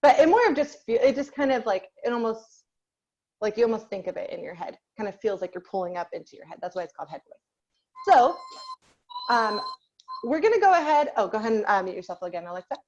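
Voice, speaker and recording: A woman's voice: a little high, very animated, fast, a little mellow, lo-fi sound, slight background noise. A woman voice teacher leading an online group lesson over a video call, patiently asking the class questions and waiting for answers.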